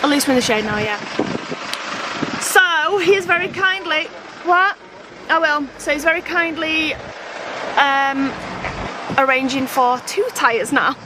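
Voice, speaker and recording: A woman's voice: high-pitched, measured pace, pauses often. A woman vlogging outdoors at a campsite, telling an exasperated story and acting out what people said. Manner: animated, exasperated, acts out quoted dialogue. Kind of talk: casual vlog storytelling. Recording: outdoor phone video with traffic noise. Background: passing cars and outdoor ambience.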